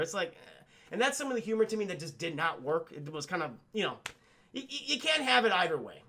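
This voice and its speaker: A man with a high, bright voice talks through a film recap in a loose, rambling way. He swears offhandedly and keeps turning to address his chat, full of fillers and restarts. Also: big pitch swings, quick pace, creaky. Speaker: film reviewer streaming to chat. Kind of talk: casual livestream commentary.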